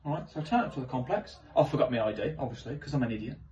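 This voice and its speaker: A man doing animated, self-mocking stand-up storytelling on stage. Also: mid-range voice, very fast, far from the mic, muffled recording. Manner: animated, self-mocking, swings into loud exclamations. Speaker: stand-up comedian.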